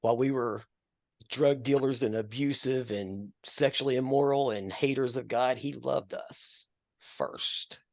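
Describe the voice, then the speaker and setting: A man's voice: medium pitch, steady tone, moderate pace, vocal fry, darkish tone, no echo, highs cut off. An older man counseling a married couple, earnest and preacherly, quoting scripture with a self-deprecating streak. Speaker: marriage mentor.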